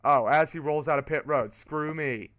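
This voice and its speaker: Young guy doing race commentary on stream, kinda high voice, smooth and clear, gets hyped fast. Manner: excitable, rises to shouting on restarts. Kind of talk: casual play-by-play commentary.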